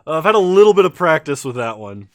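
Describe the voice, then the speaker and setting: A man's voice: on the high side, quick pace, dry recording. Chatty, slightly tipsy man streaming. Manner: laughs often, relaxed and chatty. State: a little tipsy after several beers. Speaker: streamer playing a card game. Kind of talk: casual live-stream commentary.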